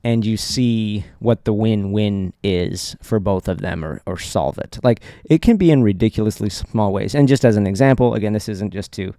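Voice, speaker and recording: A man with a low, warm, mellow voice tells a personal story as a podcast host. He speaks in a loose, conversational way, chuckles often, and restarts his sentences. The sound is close and dry. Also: moderate pace, hardly any pauses, no room sound. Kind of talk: casual first-person storytelling.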